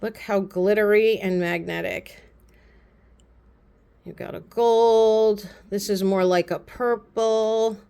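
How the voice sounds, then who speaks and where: A woman vlogger chatting casually to the camera, gushing and rambling with quick asides. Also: medium pitch, steady tone, gravelly, warm tone, smooth. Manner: chatty and gushing, repeats "pretty" often. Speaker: beauty vlogger. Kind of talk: casual haul chat to camera.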